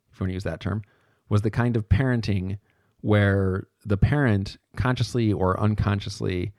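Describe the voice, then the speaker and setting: A man's voice: fairly low pitch, a little mellow, no room sound, studio quality. A man giving a podcast lecture in a casual, thinking-aloud way, correcting himself as he goes.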